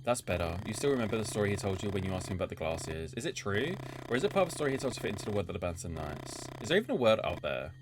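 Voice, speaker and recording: Over game music and background noise, a man with a lowish voice reads a story game's narration evenly while streaming, then drops into chatty, sweary commentary on events. He races along with few pauses, his pitch swinging widely.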